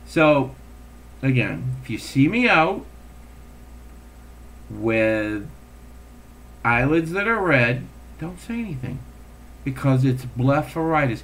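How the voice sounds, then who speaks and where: A man's voice: medium pitch, sing-song, slow pace, gravelly, pauses often, a bit bright. A man hosting a casual solo talk show, telling stories in an exasperated way, acting out the people he quotes and swearing now and then. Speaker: host.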